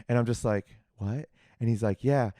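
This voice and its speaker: A young man casually telling a story on a podcast, animated and acting out the quoted dialogue, with many fillers. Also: mid-range voice, a little fast, no echo, studio quality. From California. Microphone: podcast mic.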